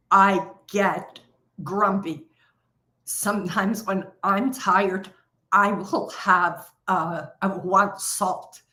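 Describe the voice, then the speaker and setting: A woman's voice: mid-range voice, pushed and bright. A middle-aged woman leading a live coaching session, speaking directly to viewers and stretching out key phrases for emphasis. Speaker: trading coach.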